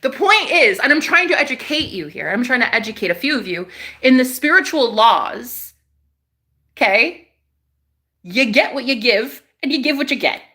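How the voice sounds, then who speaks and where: A woman's voice: high voice, animated, moderate pace, bright, forceful tone. A young woman livestreaming, ranting sarcastically at viewers in chat, swearing and laughing as she talks. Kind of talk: casual livestream rant to chat.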